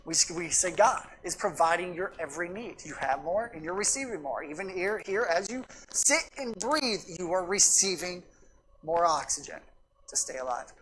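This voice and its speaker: A woman's voice: fairly low pitch, animated, moderate pace, a bit bright, slight background noise. A woman pastor preaching a sermon in a church, emphatic and repetitive, weaving in anecdotes. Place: church sanctuary.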